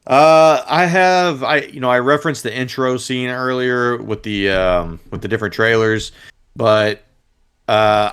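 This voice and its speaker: A man's voice: medium pitch, fairly bright tone, smooth. A man co-hosting a casual movie review podcast, rambling and swearing casually. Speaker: podcast co-host.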